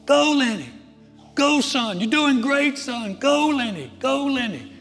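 Man acting out a proud cheering father, high and yelling, music underneath. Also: very animated, slow, big-room sound, full character voice. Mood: excited cheering. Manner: yelling loudly from the stands. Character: proud excited father cheering his son.

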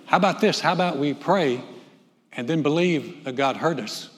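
Guy preaching a sermon, kinda high voice, big hall echo, gets loud then goes quiet. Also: moderate pace, a little hiss or hum. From North Carolina. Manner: animated preaching, swings from loud to hushed. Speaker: pastor. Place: church sanctuary. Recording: long church hall reverb.

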